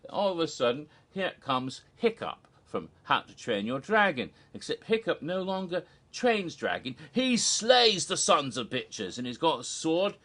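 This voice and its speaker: A man casually recounting a theme-park show in an animated, gossipy way with giggles. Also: a little high, unhurried, few pauses. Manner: animated, gossipy, giggles at his own jokes. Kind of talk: casual recap narration.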